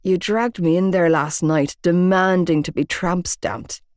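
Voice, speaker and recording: A woman voicing a hungover young man who drawls lazily and teases in a hoarse voice. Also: fairly low pitch, steady tone, unhurried, a little mellow, no room sound, studio quality, lightly acted. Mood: grumbling. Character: hungover young Irish man, lazy, teasing.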